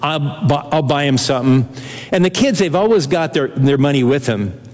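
An older male pastor preaching a sermon to his congregation. His voice sits somewhat high and carries an earnest, animated energy, broken by fillers and restarts. The sound rings with the long reverb of a large hall. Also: moderate pace.

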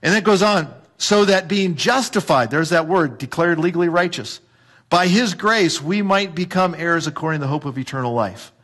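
A man's voice: a little high, lively intonation, normal speed, a bit bright. Emphatic man preaching a sermon. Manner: emphatic, repetitive, rhetorical questions. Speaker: pastor. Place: church sanctuary with congregation.

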